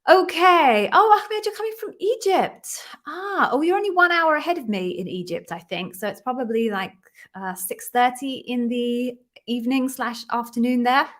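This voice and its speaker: A middle-aged woman from London hosting a live stream, chatting warmly with viewers and greeting each by name before explaining her work as an interview coach. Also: high-pitched, lively intonation, moderate pace. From London, England.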